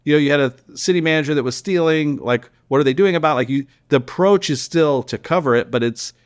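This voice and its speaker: A middle-aged man from Texas, a company founder and podcast guest, telling animated stories in casual conversation, full of restarts and fillers. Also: on the high side, fast talker, clear, resonant tone, no room sound, studio quality. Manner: animated, rambling anecdotes with many restarts and fillers.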